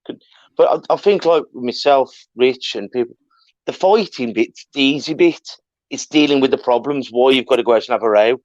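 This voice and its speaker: A man's voice: medium pitch, moderate pace, dry recording, highs cut off. A man hosting a podcast who chats casually with his father, prompting him and chipping in. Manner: chatty, prompts and interjects. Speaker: podcast host, the guest's son. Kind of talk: casual family chat.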